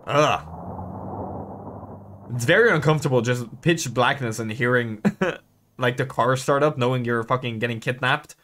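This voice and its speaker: A young man giving casual commentary over horror games, excitable and jokey, swearing a lot and shrieking when startled. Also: mid-range voice, moderate pace, pauses often. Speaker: gaming YouTuber.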